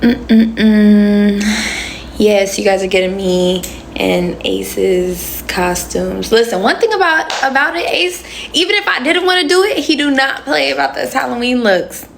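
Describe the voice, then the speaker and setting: A woman's voice: a little high, a little slow, gravelly, a little hiss or hum. A young woman in her twenties hosting a casual livestream, chatting and answering comments with slangy asides into a phone. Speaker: livestream host.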